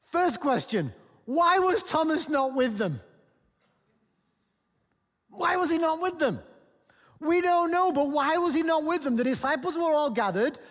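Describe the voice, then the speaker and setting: A male pastor preaching a sermon, animated and storytelling, acting out the people in the passage, in a church auditorium. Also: extremely high pitch, a little slow, long pauses. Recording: long church-hall reverb.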